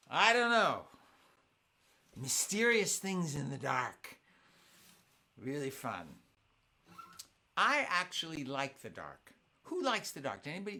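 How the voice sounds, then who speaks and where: A man's voice: a little high, creaky, bright, forceful tone. A man hosting a live family concert, chatting playfully with his audience, telling stories and reading their comments aloud. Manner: playful, storytelling, reads viewer comments aloud. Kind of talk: casual chat with online audience.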